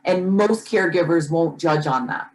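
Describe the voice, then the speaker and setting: A woman's voice: lowish voice, normal speed, a little mellow, faint music behind, low-quality recording. A woman co-hosting a podcast in casual chat, talking earnestly and passionately, often restarting and repeating words as she gets worked up. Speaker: podcast co-host.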